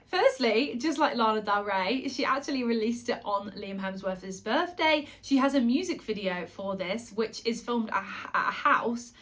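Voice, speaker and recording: A woman singer and vlogger chatting casually to camera, gossipy and quick with asides and self-corrections. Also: mid-range voice, fairly bright tone.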